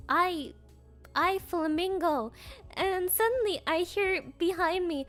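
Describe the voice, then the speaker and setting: A young woman with a very high voice chats with her stream audience in an unhurried way. Her stories ramble and are full of fillers and giggles. Faint music plays behind her. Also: a bit bright. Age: young adult. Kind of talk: casual chat with viewers.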